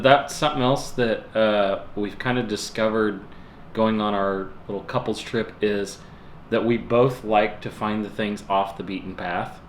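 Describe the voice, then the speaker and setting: A young American man chatting casually to camera as a vlogger, telling stories in a relaxed way and chuckling. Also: lowish voice. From United States. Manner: laid-back storytelling, chuckles. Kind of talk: casual couple chat to camera. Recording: echoey room with faint background hiss.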